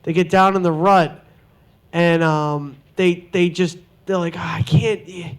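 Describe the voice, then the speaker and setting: A high-pitched man speaks to a convention panel audience. He tells his stories with animated energy and slips into quoted voices along the way. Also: unhurried, clear, resonant tone. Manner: lively, jumps into quoted voices. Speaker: cosplayer panelist.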